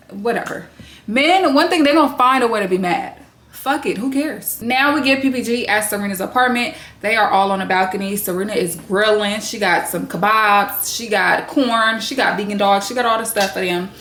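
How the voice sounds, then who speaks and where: Blunt, cussing woman recapping reality TV. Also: mid-range voice. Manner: blunt, swears freely, animated asides. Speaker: recap vlogger. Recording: echoey room with faint music.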